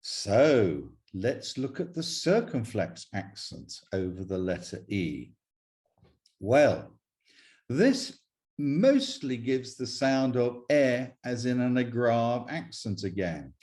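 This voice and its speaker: A man teaching French pronunciation at an unhurried pace, with a mid-range voice. He is deliberate and repeats every example word so learners can follow along. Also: medium pitch, very animated, darkish tone. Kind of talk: explaining pronunciation rules.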